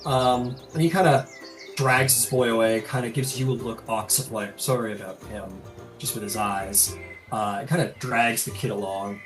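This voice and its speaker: A man's voice: medium pitch, normal speed, recorded from a distance, soft background music. A man narrating a tabletop role-playing game as game master, loose and full of fillers. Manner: loose, filler-heavy, animated.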